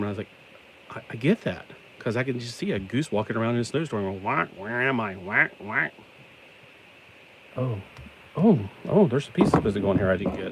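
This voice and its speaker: A man's voice: medium pitch, low-quality recording. A middle-aged man rambling casually while building a toy, joking at his own expense. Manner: chatty, self-deprecating, joking asides. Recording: steady background noise.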